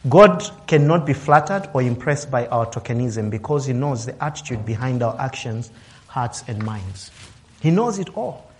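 A man's voice: mid-range voice, lively intonation, normal speed. A man preaching a sermon, swinging his voice up and down for emphasis, acting out quotes and laughing now and then. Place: office worker.

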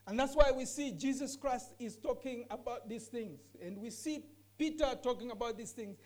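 A woman's voice: fairly high pitch, normal speed, darkish tone. A woman teaching scripture during a discussion, earnest and emphatic, often repeating her key phrases. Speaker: bible teacher.

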